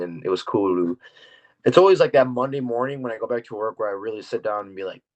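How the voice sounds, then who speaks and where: A young man talks fast in a fairly low voice, excitable and loose, full of fillers and quick laughs. He is a professional wrestler chatting as a guest, and the sound is dull and lo-fi. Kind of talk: casual interview chat. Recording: dull lo-fi audio.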